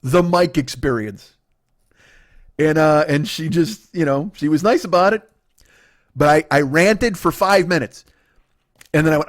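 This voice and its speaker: A man's voice: a little high, normal speed, pauses often. A man in his forties, a comedian telling a long exasperated story, ranting and swearing freely. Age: 40s. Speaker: comedian, podcast host.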